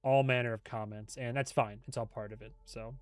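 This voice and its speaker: A man hosting a casual livestream chat as a TV show reviewer, rambling and joking, quick to laugh. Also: medium pitch, steady tone, smooth, no room sound. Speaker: YouTube host, TV show reviewer.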